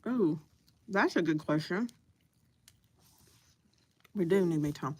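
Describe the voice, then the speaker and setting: A woman's voice: lowish voice, expressive, slow pace, darkish tone, slightly rough. A woman hosting a live stream, chatting casually and eating as she talks.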